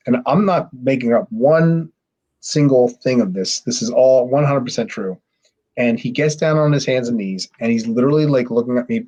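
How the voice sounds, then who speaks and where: A man, a former pro wrestler guesting on a podcast, telling a rambling, profane story and mimicking others in a high voice. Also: moderate pace, slightly rough. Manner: animated, mimics others with sharply raised pitch. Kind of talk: casual storytelling.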